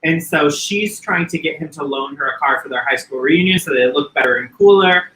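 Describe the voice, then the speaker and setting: A man co-hosting a podcast in casual chat, animated and acting out movie lines. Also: fairly high pitch, a little fast. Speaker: podcast co-host. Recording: roomy echo.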